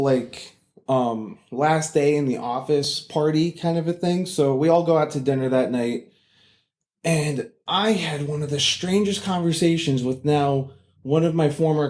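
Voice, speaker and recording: Animated young man telling podcast stories. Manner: animated, swearing, rises high when retelling exchanges. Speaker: podcast host. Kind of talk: casual solo podcast storytelling. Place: home room, seated in a squeaky chair.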